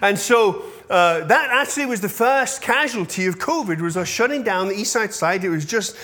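A man's voice: sits high, expressive, normal speed, sharp tone. A man in his fifties, a pastor giving a casual update to his congregation, chatty and often checking in with his listeners, easily moved when he thanks them. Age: 50s.

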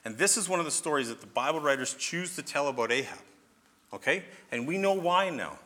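A man teaching the Bible in an animated sermon, asking rhetorical questions and often checking in with "okay?". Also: on the high side, a little fast.

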